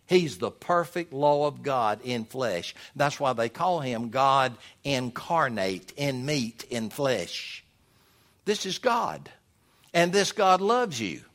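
A man preaching a sermon, reading scripture aloud with loud emphatic swells. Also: mid-range voice, sing-song, slow pace.

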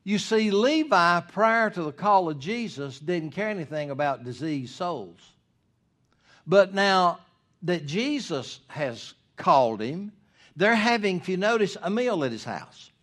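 A man preaches in a homespun, conversational way. His voice sits a little high for a man, and he leans into emphatic lines while acting out remembered exchanges. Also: very animated, a little slow, a bit bright. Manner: folksy preaching with quoted dialogue and rising emphasis. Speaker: pastor. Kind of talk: sermon.

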